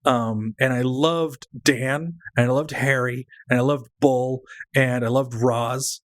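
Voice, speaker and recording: A man's voice: medium pitch, steady tone, slow pace, no echo, clean studio sound. A man in his forties co-hosting a podcast in casual comedic chat, joking and laughing often. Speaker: podcast co-host.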